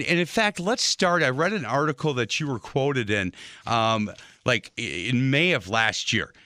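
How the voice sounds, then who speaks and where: A man hosting a sports radio talk show, chatty and fond of telling animated stories. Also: medium pitch, no echo, clean studio sound. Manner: chatty storyteller, animated anecdotes.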